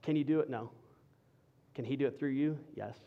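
A male pastor preaching a sermon to his congregation, conversational and energetic, shifting into a soft, earnest intensity. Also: mid-range voice, a little fast, creaky, phone-quality sound.

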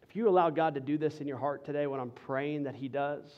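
A man with a high-pitched voice preaches a sermon, talking to the room in a casual, conversational way that swings between punchy emphasis and a hushed, earnest tone. The recording sounds a little dull and lo-fi. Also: brisk. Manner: energetic and conversational, dropping to soft intensity. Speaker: pastor.

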